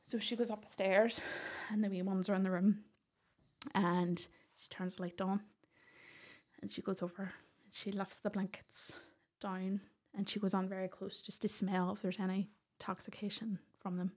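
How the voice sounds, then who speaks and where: A woman tells her own story as a podcast guest. She speaks earnestly in a mid-pitched voice with fairly flat intonation. She acts out the lines of the people in her story. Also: moderate pace. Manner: earnest, acts out what others said. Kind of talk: personal storytelling in conversation.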